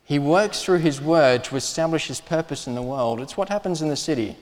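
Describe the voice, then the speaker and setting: A man delivers an earnest, emphatic sermon in a slightly higher register. He stops and restarts now and then as he drives his points home. His voice carries a long reverb from the church around him. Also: expressive, brisk. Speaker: pastor.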